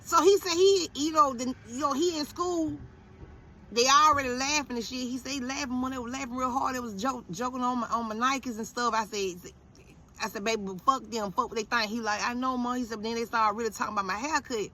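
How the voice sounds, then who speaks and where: A woman in her thirties tells a story in a casual, profane way and acts out every line she quotes. Her voice is bright and a little tense. A faint hiss runs under the recording. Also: high-pitched. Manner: animated, profane, quick to quote others.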